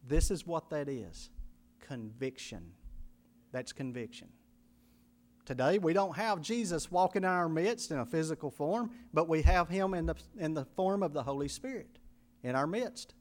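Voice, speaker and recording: A man preaching with a fairly high voice that leaps up and down all the time. He builds to loud emphatic peaks, then drops to low hushed asides, and acts out quoted speech and little sound effects. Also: expressive, moderate pace, a little hiss or hum. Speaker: pastor. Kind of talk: sermon.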